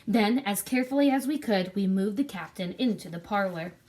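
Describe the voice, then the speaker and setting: A woman narrating a classic adventure story in a clear, measured reading voice. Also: mid-range voice, expressive, a little mellow.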